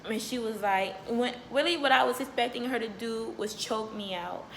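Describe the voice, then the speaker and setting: A woman's voice: fairly high pitch, normal speed, slight background noise. Candid young woman vlogging. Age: young adult. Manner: candid, chatty, lots of fillers. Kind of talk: casual storytelling to camera.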